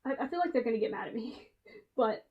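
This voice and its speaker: High-pitched american girl streaming, animated chat, lots of disbelief. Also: a little fast, muffled recording. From United States. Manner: animated, incredulous, laughs a lot. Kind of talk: casual livestream chat.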